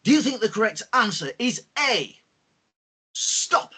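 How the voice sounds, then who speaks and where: A man hosting an online lesson for school pupils, talking in a lively, expressive teacher's way with plenty of fillers. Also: high-pitched, normal speed, breathy edge. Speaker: host.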